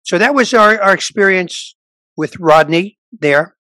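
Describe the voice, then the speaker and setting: Unhurried and high-voiced, an older male stand-up tells stories during a casual interview, recorded with no room sound. He's an animated storyteller who mimics the voices of those he quotes.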